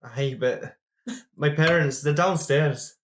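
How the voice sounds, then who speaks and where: A man voicing a timid, halting young teenage gnome boy in a put-on mixed Scottish and Irish accent, in a tabletop game. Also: a little high, fairly bright tone, slight background noise. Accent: mixed Scottish and Irish-style put-on accent. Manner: hesitant, halting. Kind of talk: tabletop game role-play.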